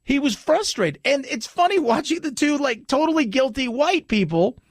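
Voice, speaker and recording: Male American talk radio host, animated storyteller, bright high voice, keeps restarting sentences. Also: moderate pace, no echo, clean studio sound. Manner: chatty storyteller, lots of restarts and "he goes".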